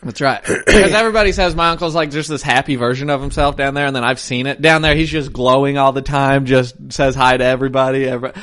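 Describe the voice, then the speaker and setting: A man's voice: mid-range voice, steady tone, fast, hardly any pauses, fairly bright tone. A man co-hosting a podcast, telling rambling, profane stories in casual chat. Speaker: podcast co-host.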